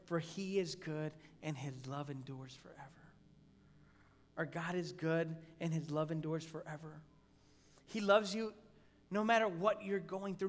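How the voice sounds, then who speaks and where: High-voiced preaching pastor in a reverberant hall. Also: male voice. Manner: earnest, repetitive preaching with rising emphasis. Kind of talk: sermon.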